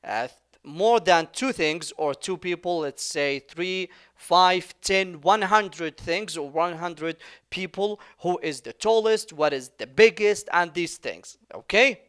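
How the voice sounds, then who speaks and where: Man, teacher, high voice, unhurried, repeats phrases, keeps asking "okay?". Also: a bit bright, clear, resonant tone. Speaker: English teacher. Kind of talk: slow classroom explanation.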